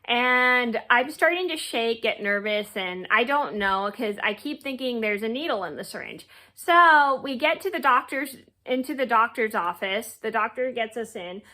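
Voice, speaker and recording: A woman's voice: a little high, animated, moderate pace, few pauses, sharp tone. A young woman telling a personal story to her viewers, rambling casually with many fillers and restarts. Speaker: vlogger.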